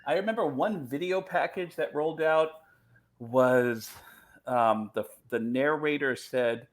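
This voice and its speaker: Male comedian guest, animated storyteller, video call audio, mid-pitched voice. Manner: animated, quick vocal impressions in anecdotes. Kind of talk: casual storytelling chat.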